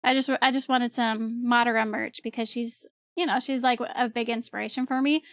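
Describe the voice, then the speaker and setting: A young woman chats to her stream in a high, bright voice. She rambles, swears offhand and keeps breaking into laughter. The sound is close and dry, with no room echo at all. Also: moderate pace. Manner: rambling, excitable, laughs often, swears casually. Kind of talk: casual storytelling to stream chat.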